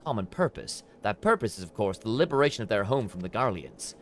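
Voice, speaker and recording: A man voicing a calm male officer, reading game dialogue aloud in a measured, explanatory way. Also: on the low side, a little hiss or hum.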